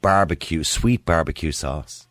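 A man's voice: extremely low pitch, measured pace, a bit bright, dry recording, studio quality. A middle-aged Irish man hosting a phone-in radio show, chatting casually and laughing easily with his co-host and callers.

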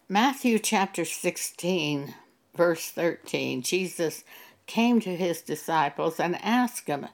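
A woman preaching a sermon in a slow, measured teaching manner. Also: sits low, creaky. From Texas.

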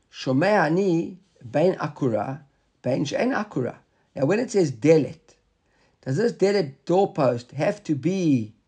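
Husky high-voiced man teaching Talmud. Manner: explanatory, translating Hebrew and Aramaic phrases into English; rhetorical questions, repeated "right?". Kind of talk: Talmud lesson.

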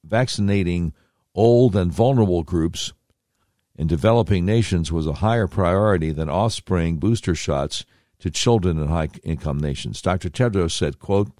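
Casual: podcast guy, lowish voice, sarcastic rambling takes, dry sound. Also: normal speed, warm tone, no echo. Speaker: podcast host. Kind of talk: opinionated podcast commentary.

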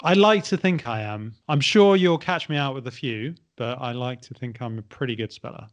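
Man, casual chat, agreeable, measured spelling, middle pitch. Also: lo-fi sound. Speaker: English teacher, co-host. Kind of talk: casual conversation.

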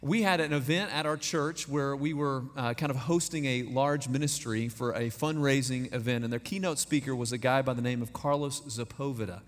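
A man's voice: medium pitch, normal speed, few pauses. A man in his thirties from East Texas with a Texan accent, preaching a sermon as a guest and telling stories with folksy, self-deprecating humor. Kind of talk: storytelling sermon. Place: large church sanctuary. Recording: echoey church hall reverb.

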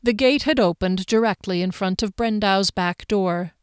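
An audiobook narrator reads a fantasy novel in a steady, expressive scripted narration at normal speed. Her mid-pitched voice is clear and resonant, recorded dry and close with no room sound or echo.

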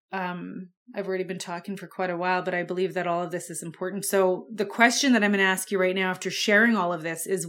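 A woman's voice: mid-range voice, a bit bright. A young woman hosting a podcast, telling a personal story in a candid, conversational way, with fillers and the odd curse. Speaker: podcast host.

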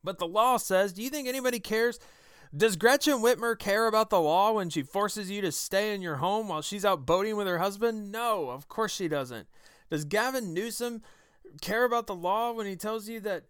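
A man's voice: high-pitched, moderate pace, a bit bright, clear, resonant tone, dry recording, clean studio sound. Combative man hosting a political podcast. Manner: combative, sarcastic, emphatic. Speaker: podcast host. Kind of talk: political commentary monologue.

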